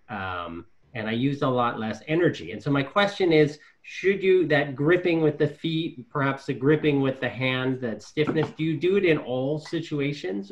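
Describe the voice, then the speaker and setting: Male caller, hesitant and rambling, drops in volume, muffled lo-fi call audio. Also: medium pitch. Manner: hesitant, many fillers and restarts, trailing off quietly. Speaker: caller asking a question. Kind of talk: casual question from a listener.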